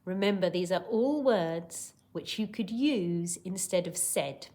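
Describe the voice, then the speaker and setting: A woman teaching young children in a recorded lesson, her pitch leaping up and down as she acts out shouting, whispering and gasping. She keeps an encouraging, patient tone throughout. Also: animated, slow. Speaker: primary school teacher.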